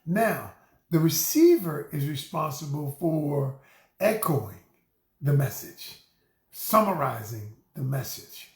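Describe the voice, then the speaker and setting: Speaking slowly in a gravelly voice that sits high for a man, a middle-aged relationship coach gives a lively, preachy motivational talk to camera, often addressing listeners with a friendly "y'all." There's a noticeable room echo.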